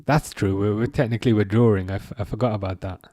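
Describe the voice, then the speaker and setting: A young man hosts a live football watchalong, chatting casually and reading viewers' messages aloud. He erupts at near misses, then settles back into relaxed chatter. The sound is close and dry, with no room echo. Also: lowish voice, fast. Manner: excitable outbursts at chances, chatty asides. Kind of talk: live match reaction and chat reading.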